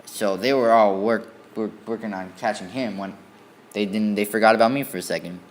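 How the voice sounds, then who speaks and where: A man's voice: lowish voice, fairly quick, a little hiss or hum. A man casually telling a story in the first person, rambling with many restarts and repeated fillers. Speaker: student storyteller.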